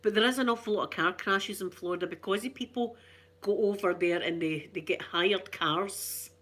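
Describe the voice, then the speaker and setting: A woman's voice: medium pitch, normal speed, a bit bright. A middle-aged Scottish woman chatting casually for her ASMR channel, rambling through cheeky, self-mocking stories. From Scotland.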